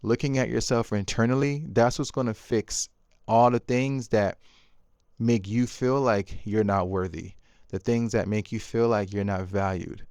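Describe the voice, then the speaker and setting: A man's voice: on the low side, fairly even intonation, a little slow, clear, resonant tone, dry recording, clean studio sound. A man telling a candid personal story about his son in a casual, confessional way, full of fillers and self-quotes. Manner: quotes himself with bursts of louder emphasis. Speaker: dad coach and video host.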